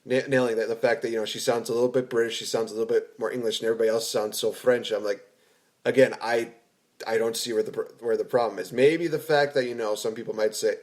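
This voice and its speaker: A man's voice: mid-range voice, fairly even intonation, fast talker, a little mellow. A man hosting a podcast, chatting about a movie in an easygoing way with frequent restarts. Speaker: podcast host. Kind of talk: casual movie review chat.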